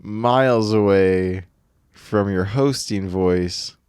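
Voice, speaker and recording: A man chatting on a podcast with a dry, teasing manner. His voice is low and smooth. The room sounds dead and close. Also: slow pace, darkish tone, dry recording. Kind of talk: casual chat.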